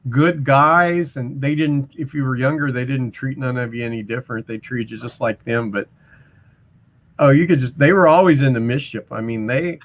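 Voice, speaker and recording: A man in his sixties spins yarns in a relaxed conversation, slipping into other people's voices. His voice sits at an everyday middle pitch, and he talks like a seasoned musician swapping stories. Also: normal speed. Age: 60s. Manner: animated storyteller who acts out other people's voices. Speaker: guest, musician and karaoke host. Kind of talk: casual storytelling interview.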